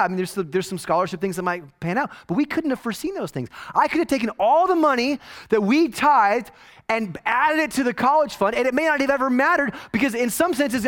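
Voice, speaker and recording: With a very high and slightly bright voice, this pastor in his forties preaches a relaxed, humorous sermon in a conversational style. He drops in asides delivered as mock quotes.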